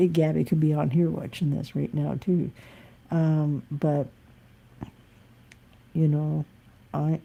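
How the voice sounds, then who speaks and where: Low dark-voiced woman on a live stream, blunt and emphatic, kinda husky. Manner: blunt, emphatic, occasionally swearing. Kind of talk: candid live-stream monologue.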